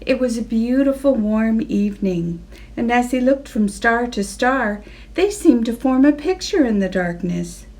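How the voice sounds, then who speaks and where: Woman, children's story read-aloud, slow, expressive, fairly high voice. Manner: slow, expressive, voicing animals with pitch jumps. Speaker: children's librarian reading aloud.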